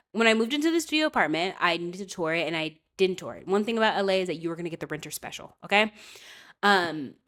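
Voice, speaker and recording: A woman's voice: on the low side, fairly bright tone. A young adult woman hosting a podcast, telling a long story in a chatty, digressive way and often checking in with "okay?". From California. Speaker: podcast host. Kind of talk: casual storytelling rant.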